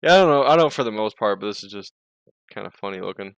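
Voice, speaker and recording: A man's voice: lowish voice, animated, quick pace, gravelly, clear, resonant tone, no room sound, studio quality. A man streaming and chatting casually, rambling, interrupting himself, swearing and laughing often.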